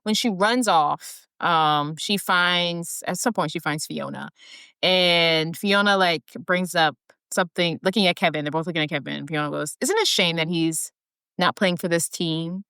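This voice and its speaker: A woman's voice: lowish voice, bright, forceful tone, clean tone, no room sound, clean studio sound. A woman co-hosting a podcast, telling a movie's plot in a casual, chatty way. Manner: chatty storyteller, quick asides and laughs. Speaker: podcast co-host. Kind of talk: casual movie recap chat.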